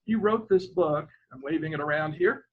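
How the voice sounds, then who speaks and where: A man's voice: on the high side, moderate pace, breathy edge, phone-quality sound. An older man from Ireland, a retired government lawyer, talking as a guest over a video call in a rambling, hesitant way and spelling out names letter by letter.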